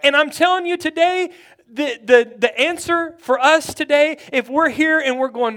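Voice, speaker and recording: A man preaching a sermon in a very high voice. He moves between loud, urgent exhortation and hushed storytelling. He often stumbles and repeats words as he builds toward a point. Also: moderate pace. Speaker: pastor.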